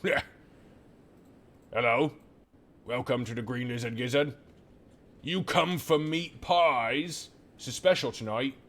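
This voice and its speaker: Man doing a loud half-orc innkeeper, crude, blustering, swaggering, big fantasy tavern keeper. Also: medium pitch, slow, pauses often, voice pushed up. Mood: welcoming. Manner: boisterous, profane, blustering. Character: huge crude half-orc male barkeep.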